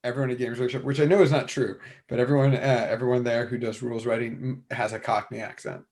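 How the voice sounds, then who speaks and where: A male podcast co-host chats casually about tabletop wargaming. He rambles in an animated way, circling back and restarting. He swears casually along the way. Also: mid-range voice, quick pace.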